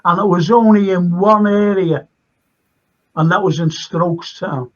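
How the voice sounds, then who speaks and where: An older man with a Liverpool accent, a retired lecturer, chats as a guest in a casual conversation, rambling emphatically and repeating phrases. His voice is high and unhurried, and the audio sounds dull.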